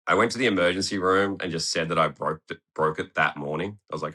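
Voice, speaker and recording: Deep, bright-toned Australian man. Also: fast. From Tasmania, Australia. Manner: laid-back, swears often, laughs through his story. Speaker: guest skateboarder. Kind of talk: casual interview storytelling. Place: podcast studio.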